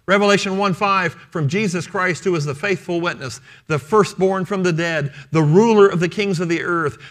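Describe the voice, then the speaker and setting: A man's voice: a little high, bright, forceful tone. A man preaching a sermon, emphatic and repeating key phrases for stress, retelling scripture in the first person as the apostle.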